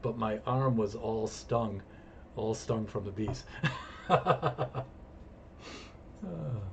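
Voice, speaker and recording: A man's voice: fairly low pitch, little pitch movement, measured pace, darkish tone, slight background noise. A man streaming a game, telling a long personal story in a rambling, repetitive way with chuckles. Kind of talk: casual storytelling while gaming.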